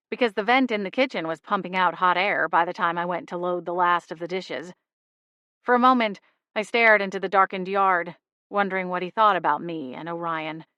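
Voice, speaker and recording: A woman narrating a first-person audiobook in a steady, even storytelling voice on a studio microphone. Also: lowish voice, no echo.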